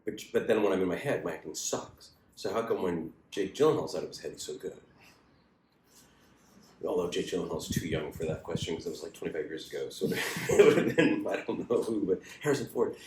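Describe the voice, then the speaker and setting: A man teaching an acting class in a casual, animated way, swearing freely and acting out the lines he quotes. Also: brisk, echoey room, a little hiss or hum. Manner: animated, profane, acts out quoted lines with big pitch jumps.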